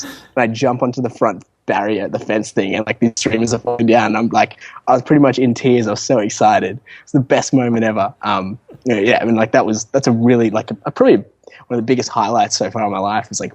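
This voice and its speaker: A man's voice: fairly low pitch, dry recording. A young man, an entrepreneur guest on an interview show, telling stories casually with lots of fillers, restarts and laughs. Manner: animated, laughs often, many fillers and restarts.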